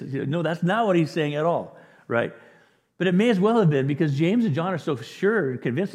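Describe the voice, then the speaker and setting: A man preaching a sermon as a pastor, animated and acting out the voices of the people in the story. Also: fairly high pitch, fairly quick. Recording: echoey hall with long reverb.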